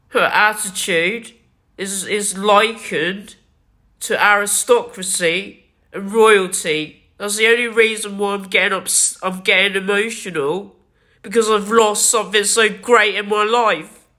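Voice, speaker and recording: A vlogger, crying and sniffling while talking, halting and repeating themselves with many restarts, speaking into a wired earphone mic. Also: mid-range voice, sharp tone. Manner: halting, repetitive, many restarts and self-corrections. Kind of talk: emotional confessional vlog. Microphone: wired headset or earphone mic.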